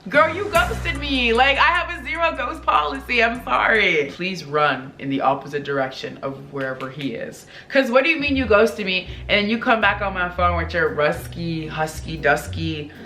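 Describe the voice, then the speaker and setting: A woman's voice: medium pitch, moderate pace, hardly any pauses, sharp tone, echoey room, slight background noise. A woman vlogger talking casually to her viewers, chatty and full of "like", with big upward swoops in her voice. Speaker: vlogger reading viewer confessions. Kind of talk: casual chat.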